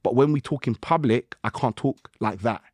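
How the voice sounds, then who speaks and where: Animated man telling stories. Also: mid-range voice, moderate pace, breathy edge, no echo, studio quality. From United Kingdom. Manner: animated storytelling with slang and acted-out self-talk. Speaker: guest musician. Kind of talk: casual podcast conversation.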